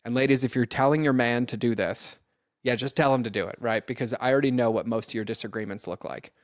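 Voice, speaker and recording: A man's voice: mid-range voice, quick pace, no room sound. Earnest, direct man, dry sound. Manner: earnest, direct, speaks straight to listeners; casual, peppered with "like" and mild swearing. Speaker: podcast guest, mentor. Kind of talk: casual podcast conversation.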